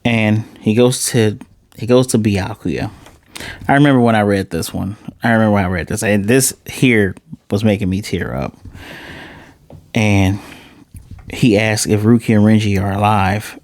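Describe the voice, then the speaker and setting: Animated man recapping an anime episode. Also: lowish voice, normal speed, pauses often, no echo, clean studio sound. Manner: animated, swears casually, restarts phrases. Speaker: anime reviewer.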